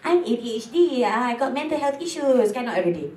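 A woman's voice: a little high, sing-song, quick pace, darkish tone. Candid Malaysian woman, roomy and distant. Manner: candid, switching between English and Malay. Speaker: guest. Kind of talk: casual talk show chat.

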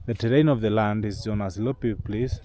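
A man's voice: lowish voice, fairly quick, mellow. Man narrating a village walk outdoors. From Kenya. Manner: explanatory, guiding viewers, repeats himself. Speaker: travel vlogger. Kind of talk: walking vlog narration. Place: outdoors on a rural hillside. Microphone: action camera.

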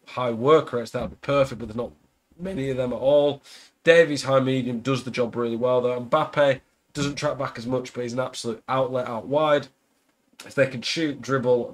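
A young man walks through his game setup in an easygoing, conversational voice. His pitch sits in the middle of the range, and he thinks aloud as he goes, dropping the occasional filler. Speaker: gaming content creator. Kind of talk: casual tactics explainer.

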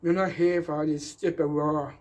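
A man's voice: on the high side, flat delivery, normal speed, a little mellow. A man giving a rambling, defiant public rant, emphatic and repeating himself.

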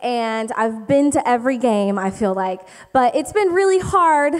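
A young woman preaching a humorous sermon to young adults, chatty and animated, often checking in with "okay?". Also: fairly high pitch. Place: church hall. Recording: reverberant hall.

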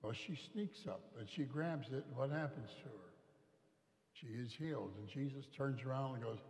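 A man's voice: mid-range voice, moderate pace, darkish tone. A middle-aged male priest, preaching a homily in a folksy, storytelling way. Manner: folksy storytelling, acts out quoted voices. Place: large church. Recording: echoey church from a distance.

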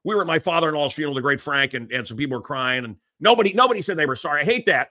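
A man hosting a live talk show from a small studio, ranting in an animated, mocking way. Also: fairly high pitch, rapid-fire, hardly any pauses. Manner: animated, mocking, mimics voices. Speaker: radio host. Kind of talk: ranting monologue.

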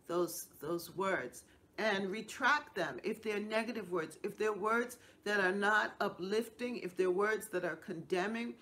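A woman's voice: medium pitch, fairly bright tone. A middle-aged woman hosting a devotional Bible teaching show, speaking in an earnest, repetitive preaching cadence.

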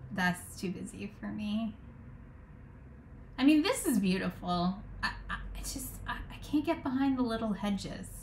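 A woman's voice: mid-range voice, slight background noise. A woman talking through garden design ideas as a vlogger, thinking aloud with frank opinions and frequent restarts. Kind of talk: casual rambling commentary.

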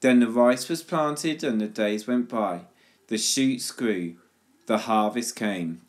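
A man leading prayer time at a church children's service by reading a parable aloud in a measured storytelling manner. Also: medium pitch.

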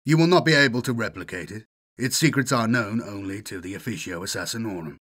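A man's voice: on the low side, quick pace, pitched below the performer's own voice. A man voicing an icy, menacing commander. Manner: icy calm, quietly menacing. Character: cold, menacing male warrior commander.

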